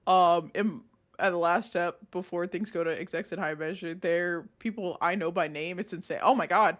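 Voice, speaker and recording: A woman's voice: fairly low pitch, steady tone, a little fast, a bit bright. A young woman streamer giving casual live commentary on a video, mocking and laughing often.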